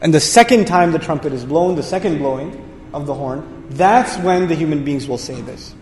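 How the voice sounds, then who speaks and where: A man's voice: a little high, moderate pace, darkish tone. A man teaching a lecture on Quranic word meanings, explaining with energy and repeating his key words. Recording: echoey hall reverb.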